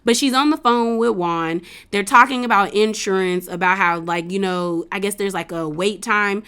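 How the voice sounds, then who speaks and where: A woman's voice: medium pitch, normal speed, smooth. Chatty woman doing a slangy TV recap. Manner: chatty, slangy, animated storytelling. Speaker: reality TV recap vlogger. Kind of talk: casual recap commentary.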